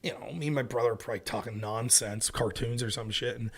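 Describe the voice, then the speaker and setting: Husky and fast-talking with vocal fry, this medium-pitched thirty-something host rambles through profanity-filled stories on his casual commentary show.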